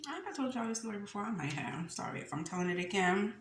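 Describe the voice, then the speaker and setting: Chatty animated woman. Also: mid-range voice, very fast. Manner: chatty and animated, laughs often, addresses viewers as y'all. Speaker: mukbang host. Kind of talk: casual chat while eating on camera. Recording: echoey room with faint noise.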